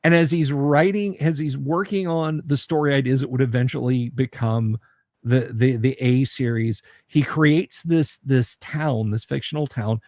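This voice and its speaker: A man from the American South hosting a casual livestream chat, halting and repeating words as he rambles through stories with joking asides. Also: mid-range voice, steady tone, dry recording, clean studio sound. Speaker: livestream host.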